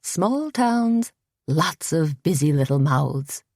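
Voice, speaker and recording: A woman's voice: deep voice, expressive, slow, darkish tone, no room sound, studio quality, heavily acted. Woman reading as a giddy hairdresser man who coos and gushes. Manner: cooing, giddy.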